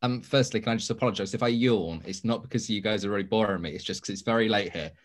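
A man's voice: fairly low pitch, fast. A young man, a romance author, talking in a modest, easygoing way with lots of ums on a panel. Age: young adult. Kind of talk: casual panel chat on a video call.

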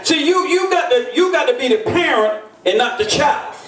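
A high-pitched older man preaches from the pulpit, spinning folksy stories and drawing call-and-response from the pews. His voice rings around an echoey church and comes from some distance away from the mic. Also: animated, normal speed, fairly bright tone. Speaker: bishop and pastor. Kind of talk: sermon.

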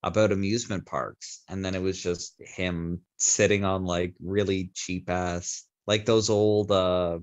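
A man's voice: low voice, level tone, takes it slowly, hardly any pauses. A man co-hosting a podcast in casual chat, easygoing, full of fillers and laughing along. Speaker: podcast co-host.

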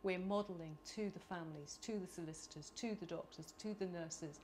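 A middle-aged woman from the United Kingdom speaking at a conference, animated and chatty with laughing asides. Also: lowish voice, a little fast, slight background noise. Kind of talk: conference talk. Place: conference hall.

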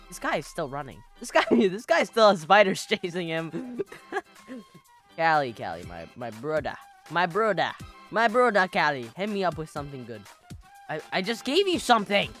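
A woman giving playful, jokey commentary while playing a video game, yelping and laughing often. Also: medium pitch. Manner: excitable, jokey, yelps and laughs. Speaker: gaming YouTuber.

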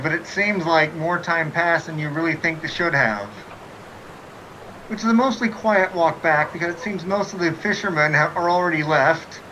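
Game master: a man with a slightly high voice and a dry, teasing style. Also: pushed and bright, a little hiss or hum, low-quality recording. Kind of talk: narrating a tabletop game.

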